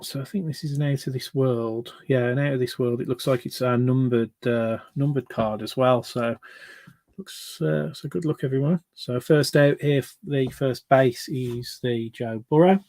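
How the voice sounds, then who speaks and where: A man's voice: mid-range voice, normal speed, darkish tone, dry recording. Chatty man opening card packs. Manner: chatty, hesitant, lots of fillers and restarts. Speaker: card break host. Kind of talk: casual live card-break commentary.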